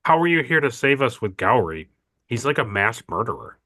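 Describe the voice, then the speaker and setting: A man's voice: medium pitch, very animated, fairly quick, pushed and bright. A man voicing a suspicious male colonist spokesman in a tabletop game who argues back in a defensive, matter-of-fact way. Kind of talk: tabletop role-play.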